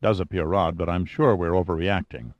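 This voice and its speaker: A man's voice: sits low, steady tone, brisk, dry recording, highs cut off, voice pushed down, natural voice. A man voicing a big, proud and stubborn male scientist who speaks in a demanding, indignant way.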